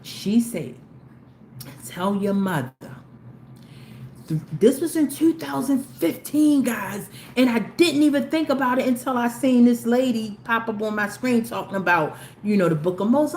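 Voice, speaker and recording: A woman's voice: a little high, expressive, measured pace, darkish tone. Chatty woman telling a story. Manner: chatty, rambling, with many restarts. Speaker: YouTube live host. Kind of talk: casual storytelling to viewers. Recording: roomy with faint background noise.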